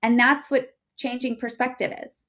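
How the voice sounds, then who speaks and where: On a podcast, a woman in her thirties chats about something personal, her pitch on the high side and her pace moderate. Fillers crop up constantly, and her volume climbs with her excitement.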